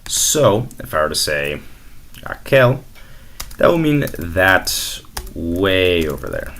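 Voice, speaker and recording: A man's voice: low-pitched, sing-song, takes it slowly, gravelly, fairly bright tone, slight background noise. A young man explaining a language lesson in a casual, explanatory way, with fillers. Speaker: Spanish teacher. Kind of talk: screen-recorded language lesson.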